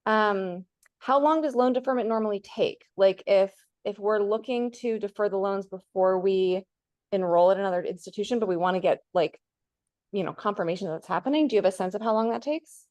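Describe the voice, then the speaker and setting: A woman graduate student with a mid-range voice asks practical questions. Her delivery is brisk, with a few fillers. The recording is dry. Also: medium pitch, darkish tone, no echo. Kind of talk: online meeting question.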